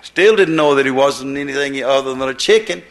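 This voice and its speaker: A man's voice: medium pitch, brisk, a bit bright. A man preaching a sermon, telling a parable in a rambling, repetitive way. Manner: rambling storytelling with repeated phrases.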